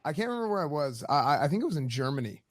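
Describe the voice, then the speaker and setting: A man joining a casual podcast over a remote call, telling a story in an excitable way. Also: on the high side, rapid-fire, a crowd in the background.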